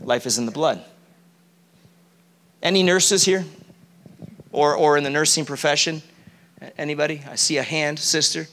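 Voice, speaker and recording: High, bright-voiced male preacher. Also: moderate pace, pauses often. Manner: animated, quizzes the audience. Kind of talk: sermon to a live congregation. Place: church.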